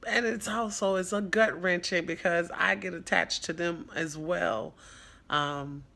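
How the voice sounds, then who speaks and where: A man's voice: high voice, fairly even intonation, unhurried, vocal fry, sharp tone. A man who is a foster parent, talking in an earnest, reflective and rambling way in a casual vlog.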